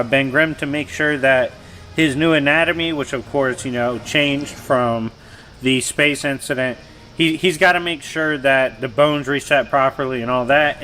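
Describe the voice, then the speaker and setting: Male host recapping comics in loose slang, bright edgy tone, a touch higher pitched. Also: slight background noise. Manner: slangy, animated retelling of dialogue. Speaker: comic book channel host.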